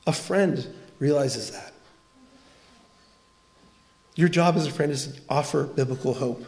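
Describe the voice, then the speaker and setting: Male pastor, sermon delivery, earnest and animated, slightly high voice. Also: measured pace, pauses often. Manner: earnest, animated storytelling with quoted dialogue.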